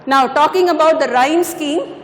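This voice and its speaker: High-voiced woman lecturing in an echoey room. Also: moderate pace, a bit bright, slight background noise. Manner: patient, repeats points, corrects herself. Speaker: English teacher. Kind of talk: classroom lecture on poetry. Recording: echoey room with long reverb.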